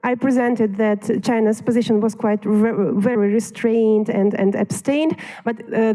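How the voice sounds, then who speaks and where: A woman answers a panel question in a fairly high, mellow voice. She speaks haltingly, with many fillers and restarts. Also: low-quality recording.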